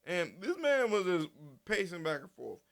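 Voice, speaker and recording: A man giving casual, animated commentary, repeating himself and swearing freely. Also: high voice, moderate pace, creaky. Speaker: commentary channel host.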